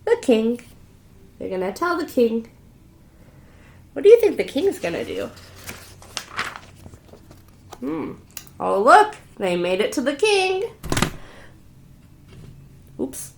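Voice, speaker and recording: A woman's voice: high voice, very animated, takes it slowly, creaky, long pauses, slight background noise. A woman preschool teacher reading a storybook aloud to young children, asking them questions and spelling out letters.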